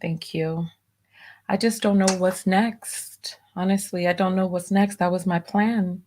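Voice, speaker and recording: A woman hosting a live stream, reading out viewer donation messages and softly thanking each one. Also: mid-range voice, fairly even intonation, unhurried, a little hiss or hum. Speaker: livestream host.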